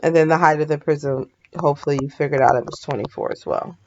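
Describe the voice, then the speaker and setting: A woman's voice: sits low, steady tone, quick pace, dull audio, a little hiss or hum. A woman math teacher talking through a recorded lesson in a sleepy, yawning, casual way, often stopping to apologize and correct herself.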